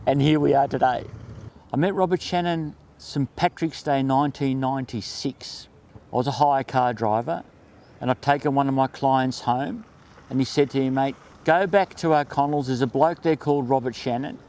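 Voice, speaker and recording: A man, the regular driver of an event truck, telling stories in a casual, animated way and acting out the voices in them. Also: medium pitch, normal speed, slight background noise. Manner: animated, acts out voices in anecdotes. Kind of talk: casual storytelling interview.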